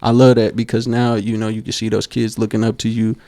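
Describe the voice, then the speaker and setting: A man co-hosting a basketball podcast, telling coaching stories in a casual, animated way and acting out quotes. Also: on the low side, brisk, dry recording. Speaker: podcast co-host. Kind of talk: casual storytelling chat.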